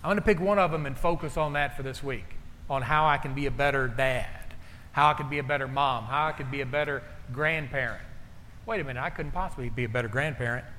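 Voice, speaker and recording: Bright-voiced pastor in a hall. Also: male voice, mid-range voice, quick pace, a little hiss or hum. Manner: folksy and joking, half-sings song lyrics. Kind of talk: sermon. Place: church sanctuary. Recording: echoey church hall with faint ambience.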